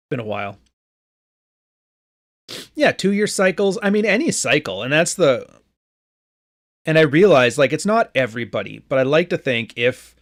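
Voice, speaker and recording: Man, late 30s, from Canada, mid pitch, podcast host, casual live-stream chat, rambling, joking, swears. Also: fairly bright tone.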